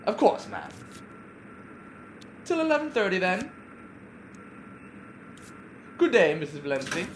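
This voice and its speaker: A courteous male ship steward speaks with formal politeness, as a woman puts him on. His manner is smooth and gently flirtatious. The sound is roomy with a faint hiss behind. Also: lowish voice, big pitch swings, slow pace, pauses often, pitched above the performer's own voice.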